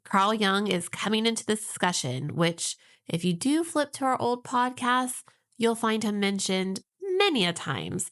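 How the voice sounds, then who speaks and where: A woman co-hosting a podcast, explaining ideas in a measured, informative way with light teasing. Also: mid-range voice, very animated, a bit bright. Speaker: podcast co-host.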